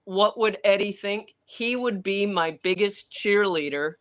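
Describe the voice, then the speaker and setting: A woman's voice: medium pitch, a little slow, a bit bright. A woman author answering viewer questions on a livestream, telling candid, rambling stories in a blunt, salty way and acting out what other people said. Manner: blunt, salty, rambling anecdotes with occasional swearing; acts out other people's words in quoted voices.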